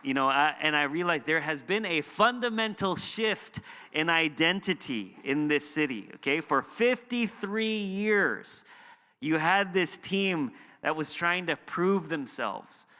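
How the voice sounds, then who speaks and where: A man from the United States preaches as a guest pastor, telling stories in a relaxed, filler-heavy way. His voice is bright and crisp. It rings out with a long church-hall reverb. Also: a little high, measured pace. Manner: conversational storytelling with fillers. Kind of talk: sermon. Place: church sanctuary.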